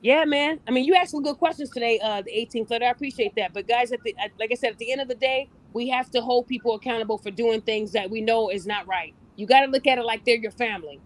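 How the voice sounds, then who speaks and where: A blunt woman hosts a casual podcast and gives relationship advice, with a high, bright voice. She speaks frankly and now and then slips into other people's voices to make her point. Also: quick pace, hardly any pauses. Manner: blunt, animated, acts out quoted voices. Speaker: podcast host and relationship coach.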